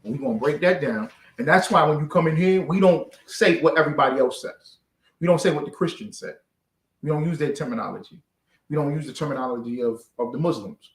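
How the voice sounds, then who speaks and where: A lively man leads a scripture class, his pitch jumping high and low as he works the room with questions. He sounds a little far from the mic. Everything rings in an echoey space. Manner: animated, call-and-response, acts out voices. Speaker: teacher leading a scripture class. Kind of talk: street-preaching style scripture class. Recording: roomy echo, distant from the mic.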